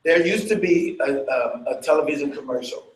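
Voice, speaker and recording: A man's voice: a little high, animated, normal speed, slight background noise. A male dance fitness instructor teaching a workshop, chatty, checking in with listeners and vocalizing beats and sounds with energy. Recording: echoey room.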